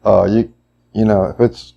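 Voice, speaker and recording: A man's voice: lowish voice, flat delivery, creaky, muffled recording. A man leading a workshop and teaching the group, explaining step by step and acting out example voices. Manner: explains slowly, then acts out voices. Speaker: workshop leader. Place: workshop room.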